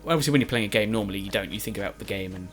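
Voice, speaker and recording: A man's voice: on the low side, racing, fairly bright tone, soft background music. A man giving chatty, rambling commentary over his own recorded gameplay, joking at his own expense. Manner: chatty, rambling, self-mocking. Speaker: Let's Play commentator.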